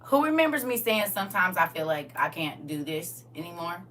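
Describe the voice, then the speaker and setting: Low-voiced woman chatting with live viewers. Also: big pitch swings, a little fast, a bit bright, recorded from a distance, slight background noise. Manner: candid, talks directly to her audience. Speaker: live streamer. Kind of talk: casual live-stream talk to viewers.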